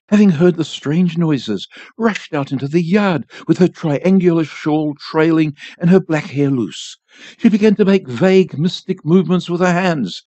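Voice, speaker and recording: A man reading a short story aloud in a measured, expressive way for a volunteer radio station. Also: a little high, dry recording. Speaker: volunteer reader. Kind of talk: audiobook narration. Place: home studio. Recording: dry, slightly dull home studio.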